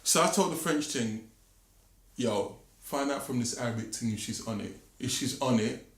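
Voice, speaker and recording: A young man with a London accent, co-hosting a podcast and telling stories in an animated, slangy way. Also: mid-range voice, moderate pace. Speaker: podcast co-host. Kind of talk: casual chat. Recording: echoey room.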